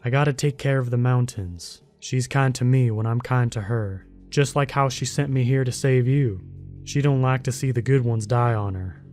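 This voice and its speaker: A man voicing a huge, rough male mountain guardian with a deep rumbling voice, a thick rural accent and a blunt, serious, folksy way of talking. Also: normal speed, darkish tone, faint music behind, close to an everyday voice.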